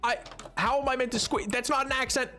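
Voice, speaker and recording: A man's voice: very high voice, fairly even intonation, brisk, pushed and bright, faint music behind. A man streaming a game, chatting and bantering playfully with his viewers. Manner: playful, teasing banter with chat. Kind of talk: casual live-stream chat.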